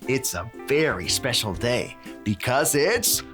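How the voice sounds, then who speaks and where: A man's voice: medium pitch, animated, slow, a bit bright, faint music behind. A man playing a cheerful handyman who leads children in call-and-response cheering and drops Spanish words. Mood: cheery. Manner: bouncy, call-and-response with kids, bursts of cheering. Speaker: children's ministry presenter.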